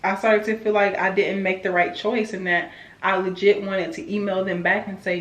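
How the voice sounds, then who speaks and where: A woman's voice: medium pitch, level tone, normal speed, reverberant. A woman in her twenties talking candidly in a personal vlog, emotional and self-encouraging. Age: 20s. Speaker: vlogger.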